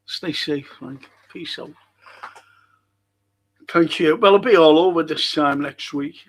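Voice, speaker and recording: Slow and fairly bright, with a pitch on the high side, an older man with a Liverpool accent runs a livestream. In casual chat, he reads viewers' comments and shares stories full of laughter and swearing.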